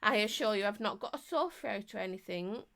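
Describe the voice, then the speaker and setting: A croaky woman chatting casually on a live stream, reviewing vapes and greeting viewers in a chatty, self-mocking way. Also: mid-range voice, animated, fairly quick, a bit bright.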